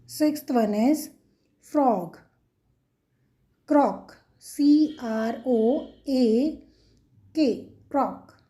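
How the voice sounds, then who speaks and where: A woman's voice: high voice, drawn-out words, long pauses, dark tone. A woman with an Indian English accent hosting a children's lesson, naming animal sounds and spelling each word out letter by letter. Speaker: kids' channel host.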